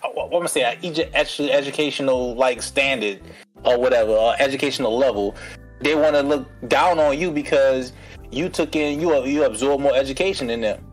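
A man's voice: mid-range voice, brisk, soft background music, rough recording. A man co-hosting a podcast in casual chat, rambling and searching for his words. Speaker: podcast co-host.

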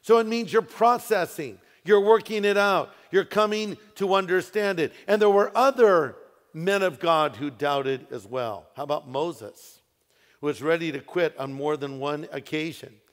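Man preaching in a reverberant hall. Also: fairly high pitch. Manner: preaching with emphatic rises and slowed, stressed phrases. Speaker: pastor. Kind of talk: sermon. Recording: echoey hall with long reverb.

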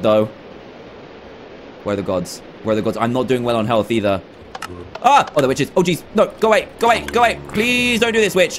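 A young man giving excitable, dramatic running commentary as he plays a video game. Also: medium pitch, slight background noise. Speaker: gaming YouTuber. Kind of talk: Let's Play commentary.

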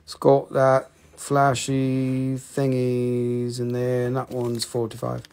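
A man's voice: medium pitch, completely flat delivery, slow pace, darkish tone, smooth. A man hosting a live-stream rock and mineral sale, talking casually into a handheld phone, joking, teasing viewers and swearing freely.

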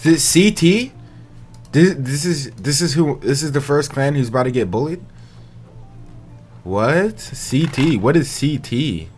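Young male streamer, lively taunting trash talk over gameplay, faint music behind. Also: a little high, measured pace, long pauses. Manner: trash-talking, taunting, repetitive. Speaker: gaming streamer. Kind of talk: casual gameplay commentary.

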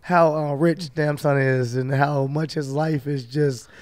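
A man from Chicago hosting a casual podcast chat, relaxed, joking and frank. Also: a little high, measured pace. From Chicago, United States. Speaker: podcast host.

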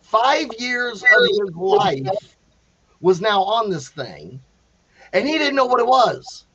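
Animated storytelling man, high voice. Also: slow pace, muffled recording. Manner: animated, acts out quotes, many restarts. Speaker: panel guest telling a story. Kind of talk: casual storytelling.

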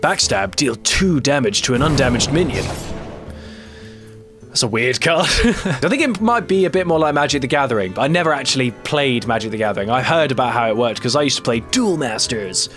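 A man's voice: mid-range voice, lively intonation, normal speed, music in the background. A man in his twenties hosting a let's play, giving casual, rambling and self-deprecating commentary while he plays a card game.

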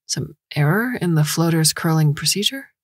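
A woman's voice: deep voice, expressive, normal speed, no room sound, clean studio sound. A woman narrator voicing a proud young male meteorologist who talks in a flippant, mocking way. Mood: puzzled. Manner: flippant, mocking toward the bird.

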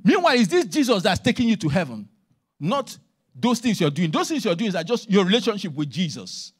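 A man preaches a sermon in a church, his voice set high and leaping across a wide, animated range. He drives points home emphatically, then sinks into hushed asides. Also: fairly quick, breathy edge. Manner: emphatic preaching, swings between loud and hushed. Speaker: minister.

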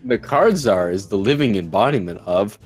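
A man hosting a card game over voice chat, loud and laughing often, sometimes shouting. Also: lowish voice, expressive, measured pace, soft background music. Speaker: gaming video host. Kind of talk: casual gaming banter.

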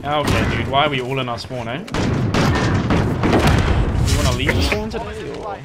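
A man's voice: mid-range voice, expressive, moderate pace, loud music behind the voice. A man streaming a shooter game, talking casually with cocky, teasing banter and a lot of swearing. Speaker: gaming streamer. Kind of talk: profane casual game commentary. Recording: loud gunfire over the voice. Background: game gunfire.

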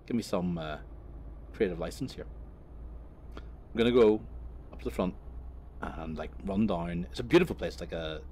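A man's voice: low voice, a little mellow, slight background noise. A man giving casual gameplay commentary while telling a long, profane, rambling story, often correcting himself and laughing. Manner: profane, rambling anecdote teller; self-correcting, laughs through his story. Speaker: gaming video creator.

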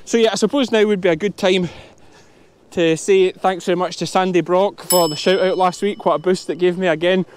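A Scottish sheep farmer talks straight to his viewers in a chatty, easygoing way, out on a hillside in a storm. His voice sits high for a man. Vehicle noise is heard behind him. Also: steady tone, fairly quick. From Scotland. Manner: chatty, talking to viewers while working dogs. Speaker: sheep farmer and channel host. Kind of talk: outdoor farm vlog commentary. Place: windy hillside outdoors in a storm.

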